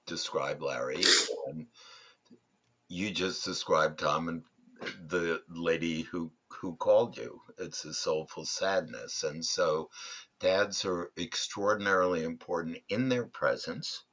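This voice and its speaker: Deep, slow, husky-voiced man. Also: fairly bright tone, dull audio. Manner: thoughtful, unhurried, frequent ums and restarts. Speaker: podcast guest, fatherhood workshop leader. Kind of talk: reflective interview storytelling.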